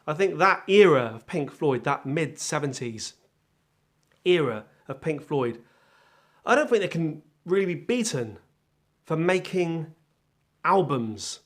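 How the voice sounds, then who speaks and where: A man's voice: fairly high pitch, sing-song, measured pace, long pauses. A man hosting his own music channel, giving a casual first-impression chat about an album. He is self-deprecating and thinks aloud.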